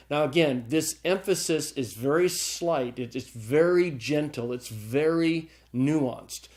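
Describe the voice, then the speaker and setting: A middle-aged man lecturing on Greek grammar with a patient, conversational manner. His voice sits at a moderate pitch, and he often pauses to check in with his listeners. He gives a soft chuckle now and then as he explains. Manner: chuckles lightly while explaining. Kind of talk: recorded classroom lecture.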